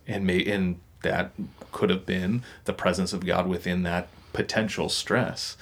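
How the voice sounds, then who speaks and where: A man's voice: low voice, level tone, a little slow, vocal fry. A young man co-hosting a podcast, talking casually in a rambling, hesitant way with many restarts. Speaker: podcast co-host. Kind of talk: casual conversation.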